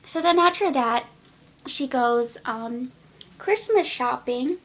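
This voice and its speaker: Teen girl vlogger, high voice, giggly and rambling; casual recap. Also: animated, slow pace, a bit bright, breathy edge.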